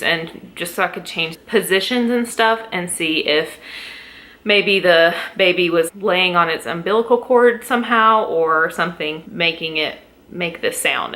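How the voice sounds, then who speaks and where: A woman's voice: fairly low pitch, pushed and bright. A young adult woman telling a pregnancy story at home in a casual vlog, emotional and close to tears, laughing between lines. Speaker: vlogger.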